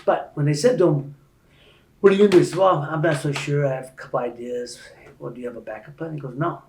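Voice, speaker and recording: A man in his sixties telling stories as a podcast guest, animated and building up loud and high to make his points. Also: quick pace, reverberant, a little hiss or hum, low-quality recording. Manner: animated storyteller, rising loud and high when making a point. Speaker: interview guest. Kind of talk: storytelling in a podcast interview.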